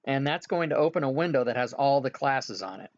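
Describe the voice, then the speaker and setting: Here a man with a medium pitch sounds animated and brisk, though the audio is dull. He serves as game master, casually talking players through setup in an online game session with frequent fillers.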